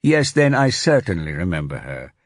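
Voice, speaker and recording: A man reading a precise male head librarian with a soft Italian accent, in an audiobook. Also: low voice, big pitch swings, normal speed, no room sound, clean studio sound, voice pushed up. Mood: measured. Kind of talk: audiobook character voice.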